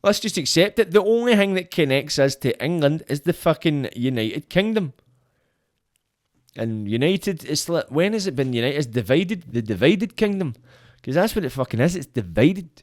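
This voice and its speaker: A man's voice: a little high, big pitch swings, normal speed. Scottish guy on a podcast, sweary and blunt, voice jumps way up when he gets going. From Scotland. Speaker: podcast guest. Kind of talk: casual podcast rant.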